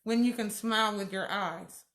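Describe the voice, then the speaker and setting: A woman's voice: mid-range voice, moderate pace, fairly bright tone. A woman hosting a casual live stream from home, greeting viewers by name and laughing often. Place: room at home. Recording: echoey room.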